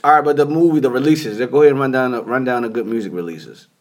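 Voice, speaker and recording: A man co-hosting a podcast, tossing in quick, jokey remarks during casual, profane banter. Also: mid-range voice. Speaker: podcast co-host.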